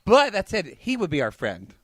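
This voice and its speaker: A man co-hosting a podcast in casual chat, with snarky, deadpan asides. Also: sits high, normal speed, no room sound, studio quality. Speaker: podcast co-host.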